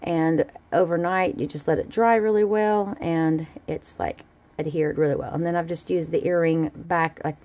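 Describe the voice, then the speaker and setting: Soft-toned woman chatting about crafts. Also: lowish voice. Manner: chatty, relaxed, fond little asides. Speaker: jewelry-making vlogger. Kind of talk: casual show-and-tell.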